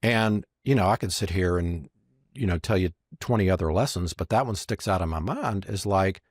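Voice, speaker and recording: A man's voice: deep voice, moderate pace, no room sound, clean studio sound. A man, a magician and marketing strategist, telling stories as a podcast guest and acting out the lines he quotes. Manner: lively storyteller who acts out quoted lines. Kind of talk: podcast interview storytelling.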